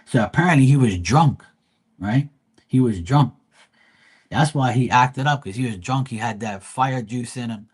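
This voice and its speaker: A man's voice: medium pitch, normal speed, husky. A man from Bermuda, retelling a neighbor quarrel in a profane, heated way on a casual livestream. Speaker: live tarot reader.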